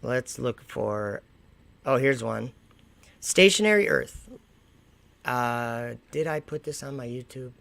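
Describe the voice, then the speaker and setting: A man's voice: medium pitch, animated, slow pace, gravelly, pauses often, a bit bright. A man hosting a casual livestream, reading viewer comments aloud and mocking and lecturing the people who wrote them. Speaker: livestream host.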